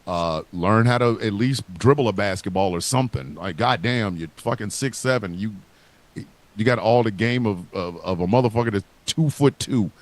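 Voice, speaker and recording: Low-voiced profane trash-talking man. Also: normal speed. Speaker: podcast host. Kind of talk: comedic live podcast rant.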